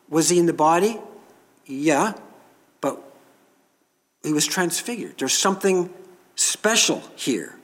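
A man preaching a sermon, slow and emphatic, leaning into dramatic pauses. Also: a little high, fairly bright tone, long reverb tail.

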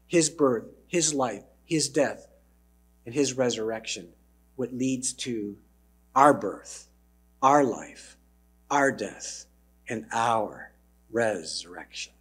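A man preaching a sermon, slow and emphatic, dropping low on key words. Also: slightly rough.

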